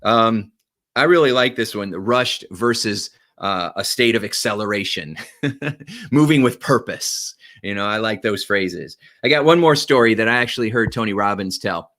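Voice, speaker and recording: A male motivational speaker with a bright, forceful voice addresses his viewers. His delivery is energetic and emphatic, and he keeps checking in with quick tag questions. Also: lowish voice. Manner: energetic, emphatic, frequent "right?" and "okay?" check-ins.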